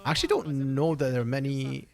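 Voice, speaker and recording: A man's voice: mid-range voice, fast, gravelly, darkish tone. A man co-streaming an esports match, talking in a chatty, laid-back way and answering chat. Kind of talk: casual live-stream commentary.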